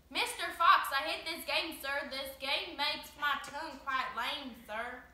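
A woman's voice: high voice, slow, pushed and bright. A woman reading tongue twisters from a children's book aloud, often stumbling over the words and laughing at herself. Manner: giggly, self-mocking, trips over words. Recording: echoey room.

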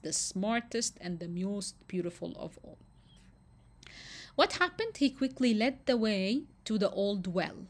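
Woman teacher, slow and deliberate, storytelling lesson, asks the class questions. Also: mid-range voice. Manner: asks questions and stresses key words.

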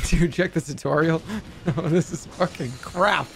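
A man's voice: fairly high pitch, a little slow, gravelly, slight background noise. A man streaming a game, chatting casually, swearing and flying into frustrated outbursts. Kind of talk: casual gaming stream chat.

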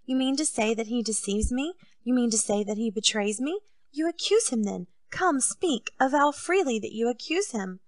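A woman's voice: fairly high pitch, animated, normal speed, no echo, natural voice. A woman reading an audiobook, voicing a grown king who complains and grows indignant, his voice raised above her narration. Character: petulant, self-pitying king, grown man.

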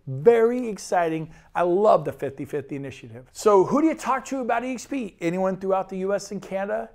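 A Sacramento, California real estate broker gives an enthusiastic, rambling sales talk about his brokerage, repeating phrases as he goes. His voice sits high and is a little mellow.

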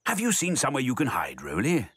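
A man narrating a children's cartoon in a gentle, patient way, talking directly to the characters. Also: medium pitch, wildly swooping pitch, fast.

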